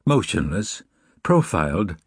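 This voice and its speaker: Male audiobook narrator, low and slightly husky voice, dry close recording, measured reflective read. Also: sing-song, no echo. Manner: measured, reflective, evenly paced reading. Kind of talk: scripted narration.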